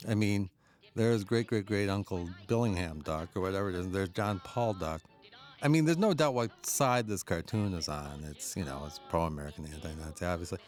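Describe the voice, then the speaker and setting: A man's voice: low-pitched, a little fast, faint music behind. A man giving a chatty DVD audio commentary as a film historian, chuckling often as he explains. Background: faint cartoon soundtrack.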